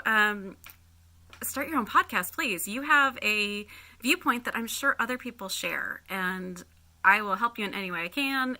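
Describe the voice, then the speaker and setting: Laughing often, a podcast host gives a casual solo update, rambling and apologizing with plenty of fillers. She lives with chronic pain, and her sharp-toned voice climbs high and shrieky.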